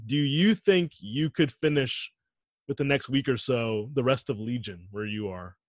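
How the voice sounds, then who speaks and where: A man's voice: medium pitch, unhurried, no echo, clean studio sound. A man co-hosting a podcast, laid-back and laughing often as he steers the conversation. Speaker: podcast co-host. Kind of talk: casual chat.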